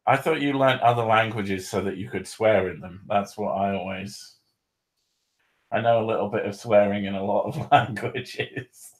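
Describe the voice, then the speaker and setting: A man's voice: fairly low pitch, normal speed. A man hosting a casual livestream, joking and laughing often, swearing freely, and reading questions from chat. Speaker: host.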